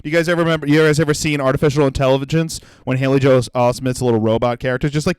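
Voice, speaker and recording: A young man hosting a comedy podcast, telling a profane, animated story and acting out the people in it. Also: a little high, racing, few pauses, clean tone, no echo. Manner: profane, animated, acts out voices in his story.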